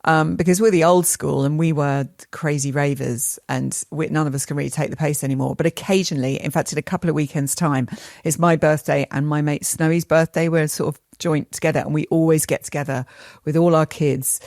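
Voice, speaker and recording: A middle-aged woman chats on a podcast in a low, easygoing voice. She rambles through stories with quick asides. The recording is close and dry. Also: fairly even intonation, gravelly, a little mellow, no echo. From England. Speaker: podcast co-host. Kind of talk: casual chat.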